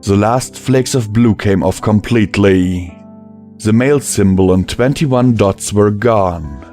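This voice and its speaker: A man reading a first-person audiobook with a low, emotional voice. His pace is slow and deliberate. Faint music plays under the narration. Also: mellow.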